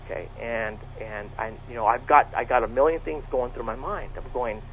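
Middle-aged man, gravelly voice, earnest storytelling, repeats himself, thin phone-line sound. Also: mid-range voice, normal speed. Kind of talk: first-person storytelling. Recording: tinny phone line with faint noise.

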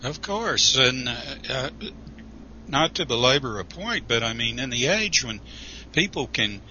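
A man's voice: mid-range voice, sing-song, a little slow, sharp tone. A man joining a talk radio show as a guest over an internet call, skeptical and wry, with sarcastic asides. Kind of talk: casual talk radio discussion. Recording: lo-fi internet call with faint hiss.

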